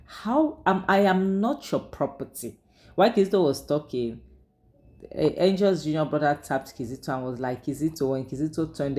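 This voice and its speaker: Brief: Nigerian woman, casual recap commentary, low and mellow voice, chatty and animated. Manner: chatty, animated retelling with many fillers. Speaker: drama reviewer.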